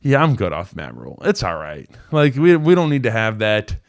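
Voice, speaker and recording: A man's voice: fairly low pitch, wildly swooping pitch, moderate pace, creaky. Man, 20s, former player turned show host; casual, rambling delivery full of fillers. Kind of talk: live call-in sports talk.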